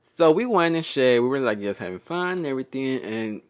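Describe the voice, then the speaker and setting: A man's voice: mid-range voice, expressive, fairly quick. A young man hosting a casual solo podcast from home, rambling and profane, laughing often and slipping Spanish words in. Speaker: podcast host.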